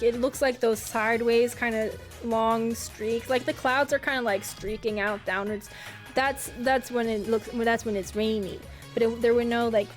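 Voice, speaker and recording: Young female streamer, high bright voice, chatty and giggly, soft music underneath. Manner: rambling, giggly, many restarts. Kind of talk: casual storytelling to chat.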